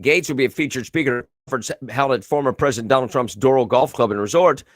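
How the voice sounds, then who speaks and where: A man's voice: medium pitch, quick pace, no room sound, studio quality. A man hosting a casual live commentary show, reading viewer comments and news aloud with a sarcastic edge. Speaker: host.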